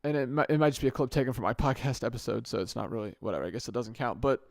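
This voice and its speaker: A man's voice: medium pitch, very fast, creaky, dry recording. Rambling young man, dry close podcast mic. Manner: rambling, often restarts and corrects himself mid-sentence. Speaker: podcast host. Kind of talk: casual solo podcast monologue. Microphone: good podcast microphone.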